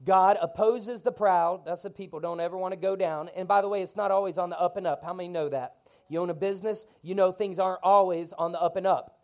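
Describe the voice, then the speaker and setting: A pastor preaches in a church with lively, animated energy. His voice sits high for a man, and he keeps pulling the congregation into call-and-response lines. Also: fast talker. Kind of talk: energetic sermon.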